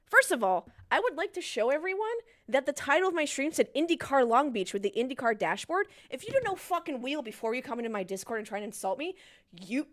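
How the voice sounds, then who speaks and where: A woman in her thirties hosting a motorsport podcast and live stream, ranting in a casual, profane, animated way. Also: high-pitched, fast talker. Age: 30s.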